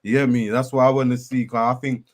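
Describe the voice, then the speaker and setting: A man's voice: medium pitch, level tone, fast talker, darkish tone. A man in casual chat, asking questions in a laid-back way.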